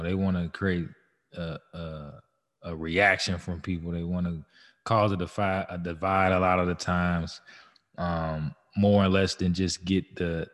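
A man's voice: low voice, a bit bright, in a large hall. A man co-hosting a casual podcast, rambling with lots of "you know" fillers. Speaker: podcast co-host.

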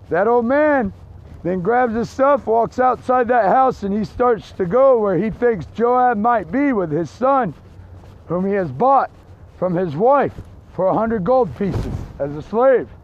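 A man preaching outdoors in a park, telling a story slowly and deliberately, dropping his voice for the quoted lines. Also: high-pitched, animated, dull audio. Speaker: street preacher. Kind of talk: sermon storytelling.

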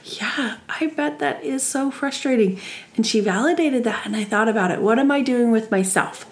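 A woman's voice: fairly high pitch, normal speed. A middle-aged woman life coach giving an earnest, encouraging solo talk and acting out the voices in her head. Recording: echoey room.

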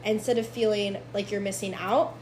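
A woman's voice: mid-range voice, steady tone, moderate pace, a little mellow, a little hiss or hum, rough recording. A young woman guest on a podcast, earnestly explaining her views in casual chat with fillers.

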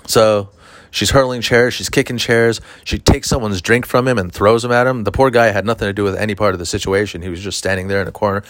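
A man's voice: fairly low pitch, fairly even intonation, fast talker, a bit bright, no echo. A man, a stand-up comedian, telling a story in a rambling, profane, casual way with lots of fillers.

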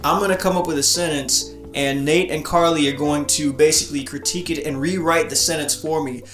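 A man's voice: a little high, fairly even intonation, a little fast, fairly bright tone. A man hosting a podcast in a laid-back, casual chat, laughing often. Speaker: podcast host. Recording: echoey room, faint music.

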